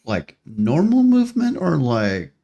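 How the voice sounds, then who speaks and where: A man's voice: fairly high pitch, wildly swooping pitch, measured pace, warm tone, muffled recording. A man playing a tabletop game who chats in a casual, self-deprecating way. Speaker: player.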